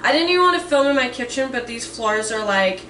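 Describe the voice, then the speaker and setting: Bright-voiced nervous woman in echoey kitchen. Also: fairly high pitch, animated, a little fast, slight background noise. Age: around 30. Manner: nervous, swears a lot, says "like" often. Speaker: vlogger. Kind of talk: casual chatty vlog. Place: home kitchen. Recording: echoey room, mic some distance off.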